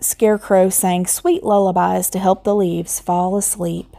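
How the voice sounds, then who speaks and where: A woman reading a children's picture book aloud in a gentle, measured way. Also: fairly low pitch, level tone, creaky. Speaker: storybook reader.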